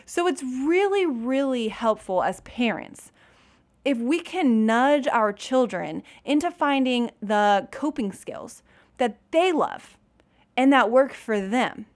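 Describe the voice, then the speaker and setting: Chatty mom giving parenting advice. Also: female voice, fairly high pitch, lively intonation, slow. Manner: chatty and upbeat, laughs often, says "you guys" and "like". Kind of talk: casual advice talk to viewers.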